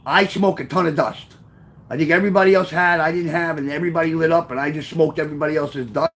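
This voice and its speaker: A man's voice: on the high side, fairly even intonation, fast talker, fairly bright tone. A middle-aged man, casually telling memoir stories on a livestream in a rambling, profane way and reading out chat comments. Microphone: webcam.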